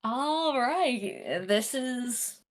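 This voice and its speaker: A woman's voice: on the high side, animated, very slow. A woman player in a tabletop game, chatting casually. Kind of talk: casual chat.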